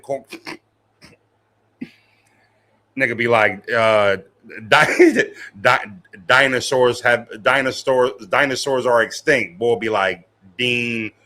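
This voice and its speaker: A man's voice: medium pitch, sharp tone. A young man live-streaming, chatting casually with his viewers in slangy, profane talk and laughing often.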